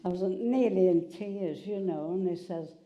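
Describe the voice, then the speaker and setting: A woman's voice: fairly low pitch, a little slow, dark tone. An older woman, chattily telling stories from her past in an oral history interview. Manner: chatty storyteller, repeats and restarts. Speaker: interviewee recalling wartime. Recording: slightly dull sound.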